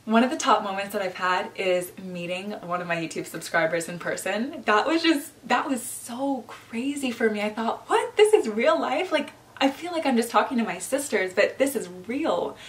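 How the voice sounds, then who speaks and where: A woman's voice: a little high, expressive, normal speed, few pauses, far from the mic. Emotional young woman vlogging to camera. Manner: emotional, encouraging, speaks to viewers as sisters. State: teary, emotional. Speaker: lifestyle coach and vlogger. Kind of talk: heartfelt direct-to-camera vlog.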